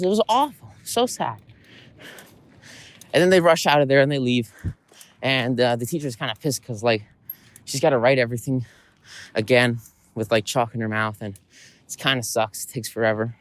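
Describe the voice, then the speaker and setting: A man hosting a podcast, retelling a story in a loose, rambling way with lots of fillers and "right?" tag questions. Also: medium pitch. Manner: rambling, with many fillers and "right?" check-ins. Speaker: podcast host. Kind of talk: casual storytelling monologue.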